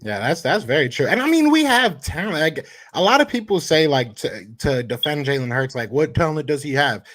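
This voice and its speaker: A man's voice: a little high, wildly swooping pitch, a little fast, fairly bright tone, no echo. A man, co-hosting a casual sports podcast, talking in rambling bursts with many restarts. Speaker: podcast co-host.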